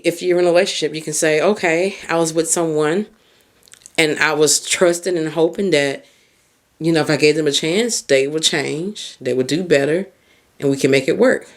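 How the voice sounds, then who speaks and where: A woman hosting a podcast as a mindset coach, giving heartfelt advice and speaking straight to the listener. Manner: expressive pitch swings on emphasis.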